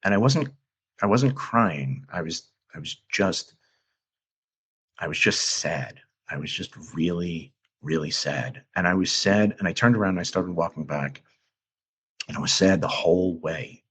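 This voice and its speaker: A man with a low, husky voice tells a personal story in a halting, earnest way. He often restarts his sentences while he looks for the right words. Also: lively intonation, a bit bright. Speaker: guest recounting an encounter. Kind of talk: casual storytelling.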